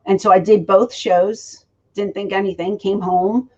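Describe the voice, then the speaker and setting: A woman's voice: medium pitch, unhurried. A woman in her forties telling stories in an interview, acting out quoted dialogue. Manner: animated storyteller who acts out quoted dialogue. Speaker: interview guest. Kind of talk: storytelling in a shoot interview. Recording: dull lo-fi recording.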